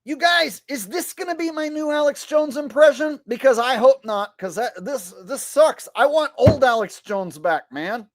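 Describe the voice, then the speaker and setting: A man's voice: extremely high pitch, expressive, normal speed, few pauses, dry recording, clean studio sound. A man ranting in profane, exasperated commentary as a vlogger and impressionist.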